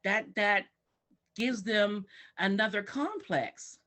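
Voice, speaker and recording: A woman's voice: medium pitch, slow pace. A woman who works in early childhood education, speaking as a guest on a talk show and acting out parents and children in exaggerated voices. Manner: animated, acts out parents and kids in exaggerated voices.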